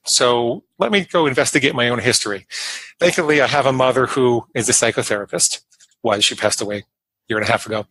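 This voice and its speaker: A man's voice: mid-range voice, fast, bright, forceful tone, poor audio. A man in his fifties, a podcast guest telling a personal story in an earnest manner. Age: 50s. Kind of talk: interview storytelling.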